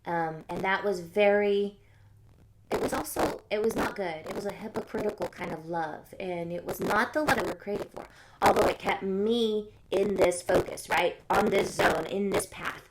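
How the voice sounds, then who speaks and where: A woman's voice: mid-range voice, moderate pace. A woman hosting a live stream, giving an earnest, musing faith talk to her viewers and coming back to key phrases. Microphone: phone or webcam on a live stream. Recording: loud noise, jumbled live-stream audio.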